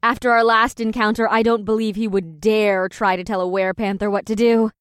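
Dude putting on a high calm werepanther woman voice for an audiobook, matter-of-fact. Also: a little fast, clear, resonant tone, dry recording, studio quality. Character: calm, formidable female werepanther archaeologist.

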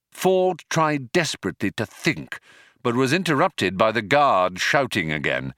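A man narrating a comic story in a dry, measured storytelling manner. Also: mid-range voice, sing-song, fairly bright tone, no echo. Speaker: audiobook narrator. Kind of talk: scripted narration.

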